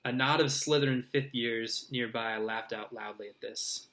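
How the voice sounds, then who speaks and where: A man's voice: mid-range voice, steady tone, normal speed, fairly bright tone. Man casually reading a novel aloud. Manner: informal, with slips, restarts and asides. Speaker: reader.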